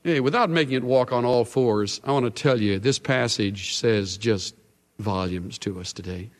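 A male pastor preaching a sermon in an earnest way, his voice swelling and then dropping to a hush. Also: mid-range voice, normal speed. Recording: long hall reverb.

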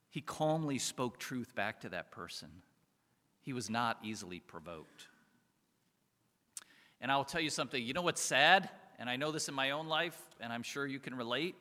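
A man's voice: mid-range voice, animated, moderate pace, long pauses, sharp tone. A man giving a conversational sermon as a pastor, often chuckling and asking his listeners rhetorical questions. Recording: reverberant hall.

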